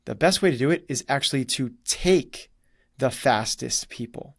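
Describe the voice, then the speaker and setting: A man's voice: medium pitch, expressive, moderate pace, creaky, no echo, studio quality. A man telling a story in conversation, acting out quoted dialogue as he goes. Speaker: guest.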